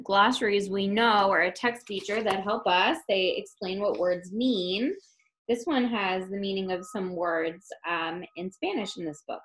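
A woman teacher reading a picture book aloud to children, expressive and explaining words as she goes. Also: mid-range voice, rough recording.

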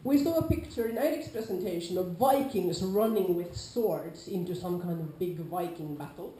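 A woman with a Nordic accent giving an informal lecture to a class, lively, acting out quoted players with sudden loud calls. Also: on the low side, normal speed, a little hiss or hum. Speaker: lecturer on larp safety. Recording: echoey lecture room.

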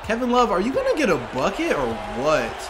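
Excitable high-voiced gamer shouting along. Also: male voice, brisk, noisy background. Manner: excitable, emotional, shouts at the game. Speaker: gaming commentator. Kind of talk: live commentary while playing.

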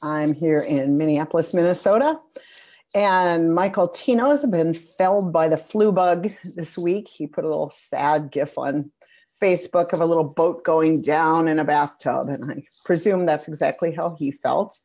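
A woman's voice: deep voice, normal speed, dark tone. A woman hosting a casual talk show over a video call, chatty and self-deprecating. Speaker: host.

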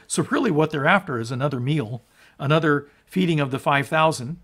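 A man's voice: fairly high pitch, a little fast, a bit bright. A man preaching a sermon as a pastor, emphatic and conversational, asking his listeners rhetorical questions. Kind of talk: sermon on scripture.

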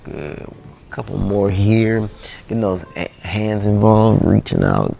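A man guiding a yoga class, relaxed and playful, sighing and joking between cues. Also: lowish voice, takes it slowly, vocal fry, a little hiss or hum. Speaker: yoga instructor. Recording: music playing behind voice.

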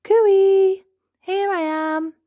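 A playful, mischievous young elephant from a storybook, as a woman reads him aloud. His voice leaps very high, lively and full of calls and pleas. The sound stays close and dry. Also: measured pace, dry recording, highs cut off.

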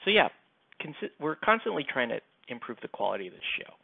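Slightly high and sing-song, this man's voice moves fast with vocal fry, and there's no echo. He chats into a headset mic while painting miniatures on stream, rambling, self-deprecating and heavy on fillers, all through a tinny, phone-like sound.

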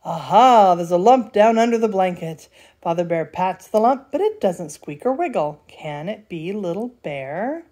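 A woman's voice: lowish voice, normal speed. Older woman reading a bedtime story. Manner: lively, playful, does character voices. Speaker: grandmother reading aloud. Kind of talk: storybook read-aloud.

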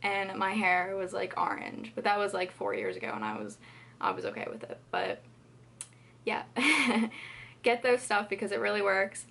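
A woman's voice: mid-range voice, big pitch swings, moderate pace, gravelly, a bit bright. Young woman, beauty vlogger, casual talk-to-camera delivery, filler-heavy and chatty.

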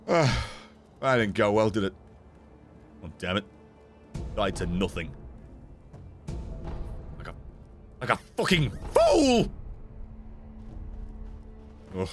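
A man streaming a video game, swearing, yelling in frustration and laughing at himself as he talks to the game. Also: fairly low pitch. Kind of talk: casual gameplay commentary.

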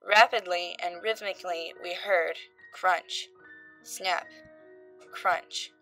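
A woman narrating a creepypasta horror story, voicing its characters with shifts in pitch and loudness. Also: poor audio. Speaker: creepypasta reader. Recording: faint background music.

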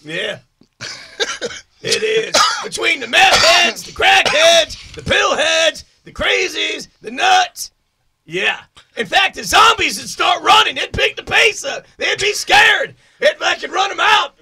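A man voicing a crude, drunken male redneck advice-giver who rants in loud, vulgar bursts for a comedy call-in show. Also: very high voice, lively intonation, takes it slowly, exaggerated voice. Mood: rowdy ranting. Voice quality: gravelly shouting rasp. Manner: rowdy, boastful, vulgar rants.

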